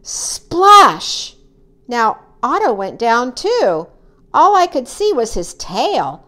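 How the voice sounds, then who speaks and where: Animated woman reading a children's story. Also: slow. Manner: animated, acts out characters with high excited cries. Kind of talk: children's story read-aloud.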